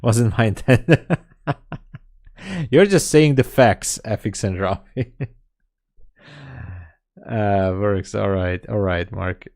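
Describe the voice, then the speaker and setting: A man hosting a live day trading stream, talking casually and reading chat messages aloud as he thinks out loud. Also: on the low side, very slow, pauses often. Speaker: day trading livestream host.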